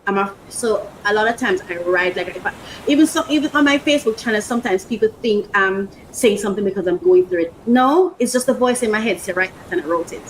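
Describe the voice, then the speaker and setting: A woman's voice: medium pitch, quick pace, slight background noise, low-quality recording. A woman hosting a casual unboxing vlog, rambling, emotional and repeating herself. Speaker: podcast host.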